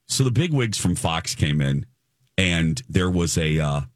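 A man's voice: low voice, no room sound, studio quality. Chatty middle-aged male talk host. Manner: chatty, animated, laughs often. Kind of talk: casual on-air storytelling.

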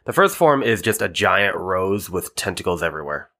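A man's voice: low voice, sing-song, moderate pace, vocal fry, sharp tone. A man co-hosting a podcast in casual chat, laid-back and a bit hesitant. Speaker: podcast co-host.

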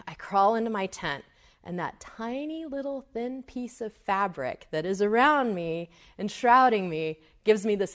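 A middle-aged woman tells a story from the stage, animated and expressive. She slips into her own worried inner voice as she goes. Her pitch sits in an everyday middle range. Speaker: speaker at a summit. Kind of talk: storytelling talk.

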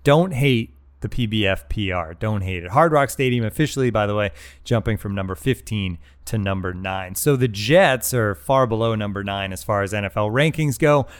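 A man's voice: fairly low pitch, normal speed, no echo. A man hosting a sports podcast, chatting easygoing and then reading the closing promos. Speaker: podcast host. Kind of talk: casual podcast chat and sign-off.

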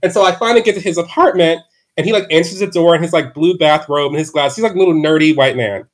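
A man's voice: on the high side, quick pace. A man as a podcast guest, telling a candid personal story from his bedroom at home, rambling with many "like" fillers and restarts.

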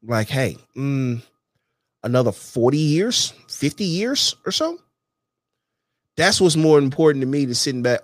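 A man's voice: mid-range voice, animated, moderate pace, no echo. Guy vlogging, slangy casual talk, keeps saying you know what im saying, dry close sound. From Detroit, USA. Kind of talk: casual monologue to camera.

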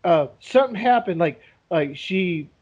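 Husky high-voiced man laughing through banter. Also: lively intonation, a little mellow, highs cut off. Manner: laughs a lot, acts out celebrities in quick voices. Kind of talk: casual chat.

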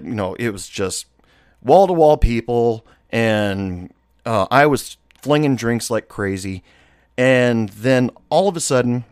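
A man's voice: fairly low pitch, no echo, studio quality. A man, a former bartender, telling a casual story, rambling with fillers and restarts.

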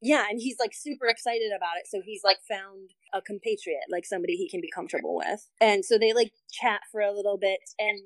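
A woman's voice: medium pitch, fast talker, hardly any pauses, no room sound, poor audio. A woman co-hosting a casual book discussion, chatty and leaning heavily on "like" as a filler. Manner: chatty, heavy use of "like" as a filler.

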